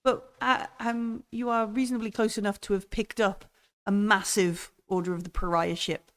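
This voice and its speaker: A woman running a tabletop role-playing game as game master. She talks in a hesitant, halting way, filling her pauses with ums and likes. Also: mid-range voice, flat delivery. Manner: hesitant, lots of fillers.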